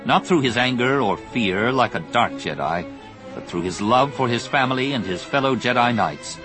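A man reading an audiobook as narrator, with a measured, dramatic delivery. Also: medium pitch, expressive. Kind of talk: scripted narration. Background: background music score.

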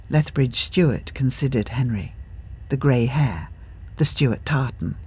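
Husky audiobook narrator, steady story reading, mid pitch. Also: unhurried, no echo. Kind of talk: scripted narration.

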